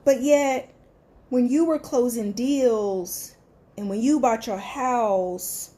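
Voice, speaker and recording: Animated high-voiced woman giving blunt life advice. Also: takes it slowly. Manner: animated, acts out friends' voices in quotes; blunt and emphatic, casual slang. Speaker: life coach and show host. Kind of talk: motivational monologue.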